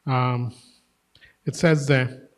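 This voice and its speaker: This man draws out his words in a medium-pitched voice as guest preacher. He keeps the sermon casual and jokey, bringing his stories to life by performing the characters' voices for the congregation.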